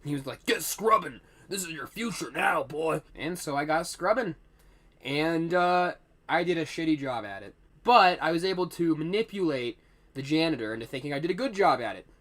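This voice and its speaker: A man's voice: fairly high pitch, expressive, brisk. A young man telling a rambling, profane storytime vlog.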